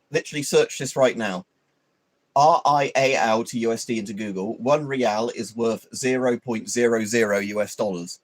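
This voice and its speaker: A man hosting a livestream, rambling and swearing in an opinionated, casual chat full of fillers. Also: medium pitch. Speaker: livestream host.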